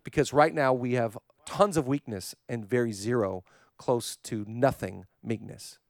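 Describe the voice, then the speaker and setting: A man preaching a sermon as pastor, swinging from loud fervent repetition down to soft, low, hushed passages and speaking straight to viewers online. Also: unhurried, no room sound, studio quality. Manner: addresses online viewers directly.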